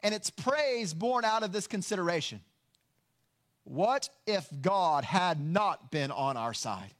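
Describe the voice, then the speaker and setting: Male pastor, high voice, sermon, earnest, emphatic. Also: lively intonation, a bit bright. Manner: earnest, emphatic, slows down on key lines.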